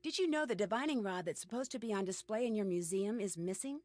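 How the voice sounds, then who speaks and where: A woman's voice: mid-range voice, lively intonation, fast talker, a little mellow, lightly acted. An actress voicing an inquisitive young female amateur detective in a mystery game, asking polite, probing questions.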